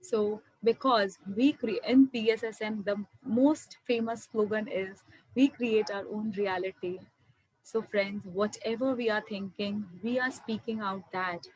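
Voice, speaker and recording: A woman's voice: mid-range voice, fairly even intonation, measured pace, darkish tone, poor audio. A young woman giving an earnest spiritual talk on meditation, often calling her listeners "my dear friends". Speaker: meditation speaker. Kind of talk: spiritual talk to an online audience.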